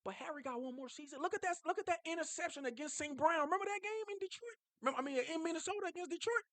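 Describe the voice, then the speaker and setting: A man talking casually and excitably as a football fan vlogger, jumping from low mutters to high yelps. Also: rapid-fire, dry recording. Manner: animated, excitable, swings from low mumbling to high shouts.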